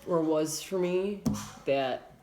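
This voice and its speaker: A woman's voice: low voice, slow, mellow, a little hiss or hum. A woman talking frankly and at length in a personal vlog, rambling, repeating herself for emphasis, and swearing now and then. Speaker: vlogger.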